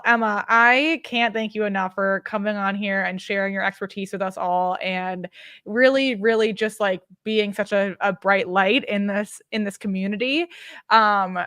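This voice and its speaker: A woman's voice: mid-range voice, a bit bright, smooth, no room sound, studio quality. A woman hosting an interview over a video call, thanking her guest effusively. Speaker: interview host.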